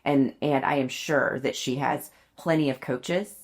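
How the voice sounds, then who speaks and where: Chatty low-voiced woman, laughing often. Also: measured pace. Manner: chatty, laughs often, self-deprecating storytelling. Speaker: podcast co-host. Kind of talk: casual chat.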